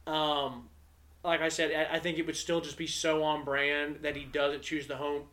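A man's voice: on the high side, level tone, moderate pace, pushed and bright. A man hosting a casual sports chat, rambling and filler-heavy as he talks. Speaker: podcast host.

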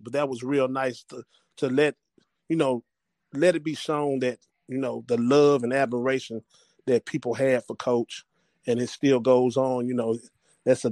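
A man's voice: mid-range voice, a little mellow, dry recording, clean studio sound. A man in an interview speaking with admiration about a coach's legacy, repeating his phrases. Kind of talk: reflective interview recollection.

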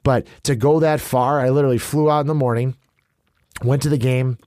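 A podcast co-host from the American Midwest who lives in Los Angeles tells rambling stories in casual chat, full of restarts and asides. His medium-pitched voice is steady, fairly quick, and mellow, captured in a clean studio with no echo.

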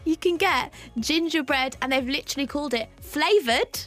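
A woman co-hosting a breakfast radio show in a studio, enthusiastic and quick to laugh. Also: high-pitched, a bit bright, faint music behind. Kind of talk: playful radio banter. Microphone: studio microphone.

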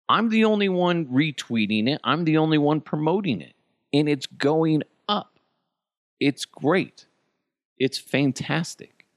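A man's voice: fairly low pitch, dry recording, clean studio sound. A middle-aged man hosting a solo podcast, talking in a casual, rambling way and often restarting his sentences. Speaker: podcast host.

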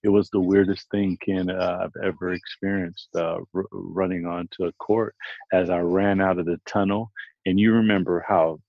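Deep-voiced ex pro player, keeps restarting his sentences, dry dull lo-fi sound. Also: little pitch movement, no room sound. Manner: halting, with many restarts and repeated words. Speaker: former pro basketball player, guest. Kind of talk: casual conversation, storytelling.

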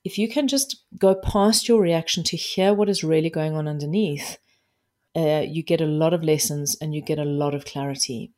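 A woman's voice: low voice, moderate pace, a little mellow. A woman from South Africa, a relationships coach, talking directly and plainly in a podcast interview.

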